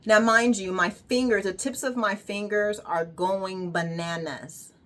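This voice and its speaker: A woman's voice: mid-range voice, fairly even intonation, unhurried, fairly bright tone. A woman wellness coach giving an emphatic, repetitive motivational monologue with casual swearing.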